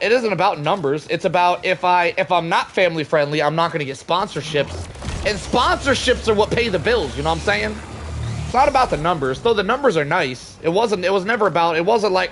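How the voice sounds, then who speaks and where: A man's voice: sits high, lively intonation, fairly quick. A young man streaming a game live, chatting casually with viewers, joking and swearing, with game sounds behind him. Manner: chatty, reads chat aloud, swears and jokes. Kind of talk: casual live-stream chat while gaming. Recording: clear game noise behind.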